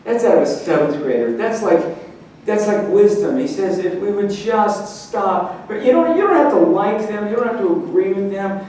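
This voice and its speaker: Guy with a high voice doing a funny keynote, acting out bits, sounds far off in a big echoey hall. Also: animated, fairly quick, warm tone, slight background noise. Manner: storytelling, acts out voices for laughs. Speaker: motivational speaker. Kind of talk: humorous keynote speech. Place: large hall.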